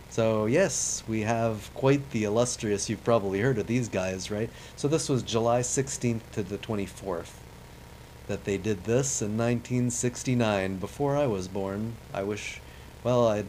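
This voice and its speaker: A man's voice: on the low side, darkish tone, a little hiss or hum, poor audio. A man streaming a space-flight game, giving rambling, chatty, self-deprecating commentary as he plays. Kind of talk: casual commentary while playing a space sim.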